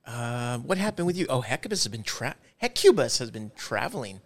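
A man's voice: medium pitch, very animated, brisk, a bit bright. Joking Texan man co-host. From Texas. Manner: joking, teasing. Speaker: podcast co-host. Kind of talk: casual chat.

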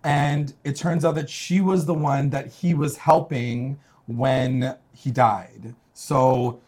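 A woman's voice: rumbling low, steady tone, slow, dark tone, breathy edge. A woman co-hosting a casual chat, animatedly retelling a story and acting out quotes in shifting voices. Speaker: podcast co-host recapping a TV episode.

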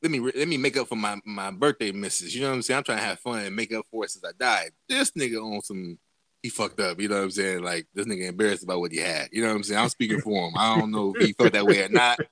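A man's voice: on the low side, fast, fairly bright tone, no echo. A man casually telling a profane story to friends on a podcast, acting out the people he quotes with big jumps in his voice. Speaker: podcast host.

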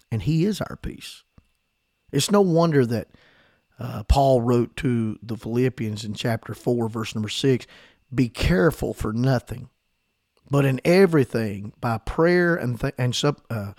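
A man delivering a sermon with fervent, emphatic conviction. His voice has a gravelly edge in the lower notes, and the recording is dry and close, with no room sound. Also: lively intonation, measured pace, darkish tone, dry recording. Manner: fervent, emphatic preaching with repetitions. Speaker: preacher.

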